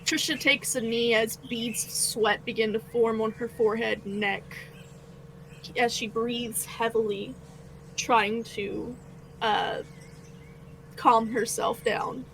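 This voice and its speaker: A woman playing a tabletop role-playing game, narrating her character's actions in a steady, descriptive way. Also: a little high, takes it slowly, gravelly, rough recording. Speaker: player. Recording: faint background noise.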